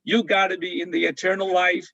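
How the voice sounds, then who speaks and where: A man playing a fussing, kindly saint: high, warm, matter-of-fact. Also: brisk, vocal fry, dry recording, lo-fi sound, exaggerated voice. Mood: flattering. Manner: flattering, fussing. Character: kindly flattering male Saint Peter.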